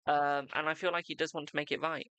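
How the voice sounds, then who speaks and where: A man's voice: a little high, little pitch movement, fast, pushed and bright, clear, resonant tone, dry recording. A young man hosting a live-streamed tarot reading, reassuring and repetitive, calling the viewer "my darling" and checking in with "okay?".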